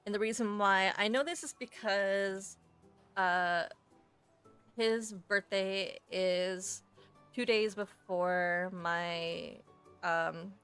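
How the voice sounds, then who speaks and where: A woman streamer chatting casually and reading a game letter aloud, haltingly, correcting herself and laughing often. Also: mid-range voice, steady tone, a bit bright, clear, resonant tone, faint music behind.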